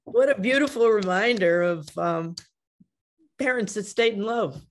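A woman emcee on a video call, making unhurried, laughing remarks after a story. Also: medium pitch, expressive. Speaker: show emcee.

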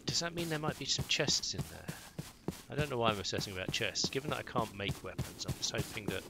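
A man giving relaxed commentary while playing a survival game, wondering aloud and breaking into excited outbursts. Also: fairly low pitch, quick pace, creaky, loud music behind the voice. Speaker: gaming YouTuber. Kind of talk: Minecraft let's play commentary.

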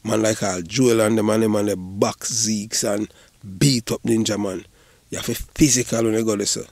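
A man's voice: fairly low pitch, steady tone, moderate pace, darkish tone, no echo. A man with a Jamaican accent giving rambling, casual patois commentary, often repeating "you know". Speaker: online commentator.

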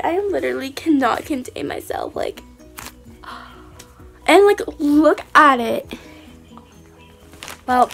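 A young woman unboxing squishies in a casual vlog, gushing and excitable, full of "like" and "oh my god". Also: high voice, takes it slowly, vocal fry, pauses often, soft background music. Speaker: vlogger.

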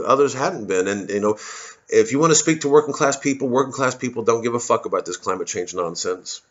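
A man rants to camera in a profane, sarcastic, rambling way, restarting his sentences often. His voice sits at an ordinary middle pitch, and the recording sounds slightly dull and lo-fi. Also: a bit bright. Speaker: comedian. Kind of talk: profane ranting monologue to camera.

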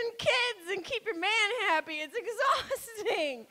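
A woman's voice: very high-pitched, lively intonation, a little slow, hardly any pauses, pushed and bright, slight background noise. A woman doing a brash, profane stand-up set, bantering with the crowd from a comedy club stage.

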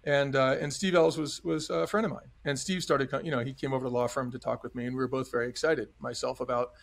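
This podcast guest, a middle-aged man who used to be a restaurant chain executive, talks fast at a medium pitch with fairly even intonation and a creaky quality. He recounts his story earnestly and emphatically, often performing other people's lines.

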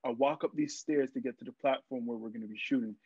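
A young man and actor, a podcast guest, telling stories in a casual interview, lively and full of fillers as he acts out what people said. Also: mid-range voice, quick pace, breathy edge, no room sound. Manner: animated storyteller, acts out quotes, many fillers. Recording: dry, muffled lo-fi sound.

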